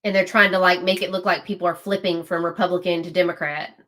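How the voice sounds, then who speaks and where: A woman's voice: fairly low pitch, level tone, quick pace, sharp tone. A woman hosting a livestream, talking to her viewers in casual political commentary, emphatic and often repeating herself. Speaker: livestream host.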